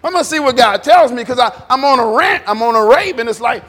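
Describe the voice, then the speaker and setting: Brief: very high-pitched male preacher, animated, chatty, long hall reverb. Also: fast. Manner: animated, repetitive, conversational preaching. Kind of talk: informal sermon with congregation responses.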